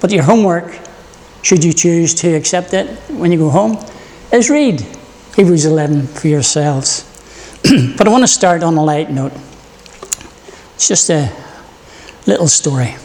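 Slow, earnest preacher giving a sermon. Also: medium pitch, lively intonation, darkish tone, big-room sound. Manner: prayerful, earnest, storytelling.

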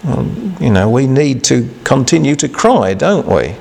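A man gives a homely, unscripted sermon with a gravelly edge to his voice. He talks in a halting, conversational way, restarting phrases and checking in with rhetorical questions. His pitch sits in the everyday middle range for a man. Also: big pitch swings, a little mellow. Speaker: preacher. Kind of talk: informal devotional sermon.

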